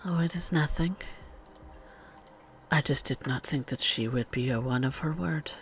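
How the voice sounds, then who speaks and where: Guy putting on a really old french vampire lady, stiff, formal, gravelly. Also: mid-range voice, normal speed, slight background noise, pitched above the performer's own voice, close to an everyday voice. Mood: cold formal. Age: older. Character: ancient female vampire seneschal, cold and formal.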